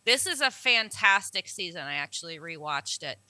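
Woman, podcast co-host, casual chat, enthusiastic, very bright tone, dry close sound. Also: fairly low pitch, moderate pace, no room sound, poor audio. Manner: lively, enthusiastic recapping. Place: New Orleans.

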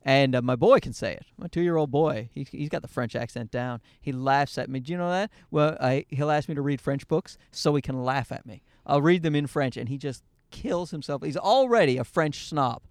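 A man's voice: medium pitch, moderate pace, hardly any pauses, no echo, studio quality. A man in his thirties hosting a podcast in casual chat from a parked car, rambling, joking and losing his train of thought. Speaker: podcast host. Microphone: handheld mic into a portable recorder.

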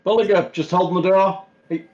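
A man's voice: high-pitched, fairly even intonation, fairly quick, darkish tone. A man running a tabletop game as game master, narrating in a laid-back, joking way. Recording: dull lo-fi audio.

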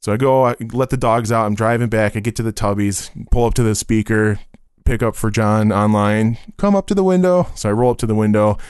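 A man's voice: fairly low pitch, little pitch movement, fairly quick, darkish tone, smooth, no room sound, clean studio sound. A man telling stories in a casual podcast chat, rambling with many fillers and swearing freely.

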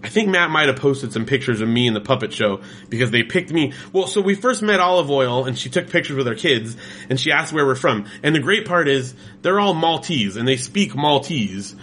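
A man from California chats casually, with a clear, bright tone to his voice. He tells stories enthusiastically and rambles through lots of filler words. A faint hiss sits under the recording. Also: mid-range voice, expressive, fairly quick. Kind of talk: casual chat.

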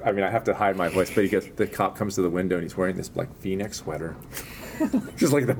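A low-voiced man hosting a casual conversation, telling stories with energy and quick laughs. A faint low rumble sits in the background. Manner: animated storyteller, laughs often. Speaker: podcast host. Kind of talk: casual chat.

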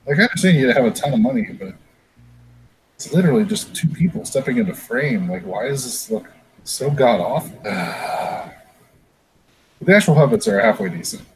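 A man's voice: mid-range voice, animated, normal speed, a little hiss or hum, rough recording. A man hosting a podcast, chatting casually and ranting with frequent swearing. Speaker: podcast host. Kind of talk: casual chat.

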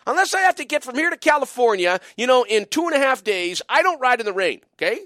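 A man's voice: extremely high pitch, very animated, quick pace, hardly any pauses, pushed and bright, no echo, clean studio sound. A man hosting a call-in radio show, telling a long rambling story full of "okay?" and "you know" asides. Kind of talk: animated storytelling monologue.

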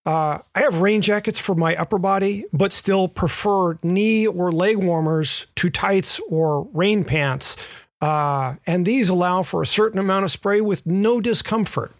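A man's voice: high voice, a little slow, no room sound, studio quality. A man co-hosting a cycling podcast, giving a gear pick in casual chat with many ums and a self-deprecating manner. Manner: hesitant, self-deprecating, product pick delivery. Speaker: podcast co-host.

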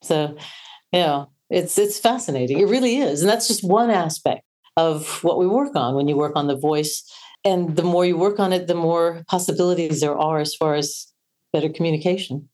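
A woman's voice: fairly low pitch, normal speed, a little mellow. A woman voice coach on a podcast, explaining and demonstrating how breathing shapes the voice. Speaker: voice coach guest. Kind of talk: podcast interview.

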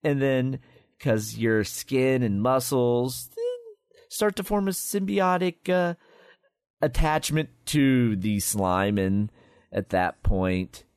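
A man's voice: mid-range voice, slow pace, clear, resonant tone, dry recording, clean studio sound. A man co-hosting a casual chat about a tabletop monster, explaining its rules and stats. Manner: explanatory, lively, reading out game stats. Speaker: co-host of a tabletop game podcast.

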